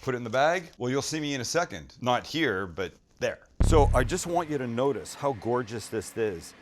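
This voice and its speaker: Lively-voiced man hosting a cooking vlog. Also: mid-range voice, normal speed, a little hiss or hum. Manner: joking, chatty, talks while cutting. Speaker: cooking show host. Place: hotel room.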